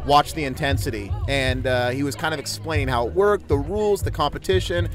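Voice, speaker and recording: Man, animated storyteller, outdoors at a competition, music playing behind. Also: a little high, brisk. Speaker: weightlifter guest. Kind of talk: casual storytelling interview.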